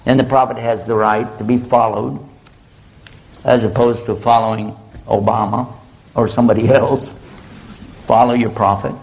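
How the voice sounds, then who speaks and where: A man lecturing on Islam before a live audience in a hall, his voice gravelly and fry-tinged at a middle pitch. He keeps it lively and joking, drawing the crowd into call-and-response. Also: moderate pace, long pauses. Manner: humorous, animated, leads audience call-and-response.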